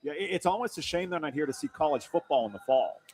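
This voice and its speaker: A man co-hosting a live talk show who talks in a halting way, often repeating words. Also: on the high side, animated, a little mellow, slightly rough. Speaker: co-host. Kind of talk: casual talk show chat.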